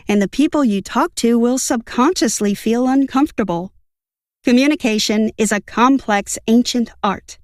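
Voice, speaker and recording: A woman with a fairly high voice reads a book summary as scripted narration. Her delivery is even and measured, and the sound is close and dry with no room around it. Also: no room sound.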